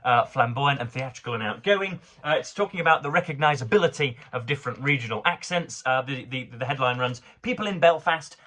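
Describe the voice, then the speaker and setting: Reading from the newspaper for a vlog review, a man speaks in a mid-range voice that is bright and forceful. His commentary comes as dry, sardonic asides, while frequent fillers, restarts and stumbles make his delivery halting.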